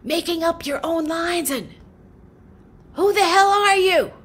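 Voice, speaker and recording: A woman's voice: very high-pitched, a little slow, fairly bright tone, slight background noise, pitched above the performer's own voice. A woman voicing a stern, irritated older male actor in a scolding whisper.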